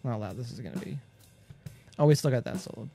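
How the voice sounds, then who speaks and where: A man's voice: mid-range voice, fast talker, creaky, loud music behind the voice. A man hosting a live mixing tutorial, talking casually into a close studio microphone and explaining each step as he goes, with plenty of fillers. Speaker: mixing engineer host.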